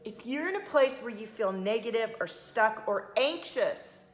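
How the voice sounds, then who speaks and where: A woman spiritual coach hosting a live stream, talking casually to viewers and greeting them by name in a soft, soothing way. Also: a little high, lively intonation, a little slow, roomy sound. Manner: chatty, addresses viewers by name.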